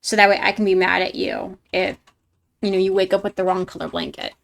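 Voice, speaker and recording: A woman's voice: medium pitch, monotone, a little fast, creaky. A woman hosting a live-streamed painting tutorial, talking with her chat in a chatty, bubbly way and laughing often.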